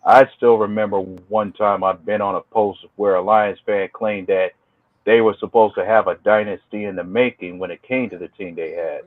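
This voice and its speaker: A man's voice: on the low side, steady tone, normal speed, no room sound, narrow, tinny audio. A man on a casual sports talk panel who starts hesitantly and stumbles before making his point.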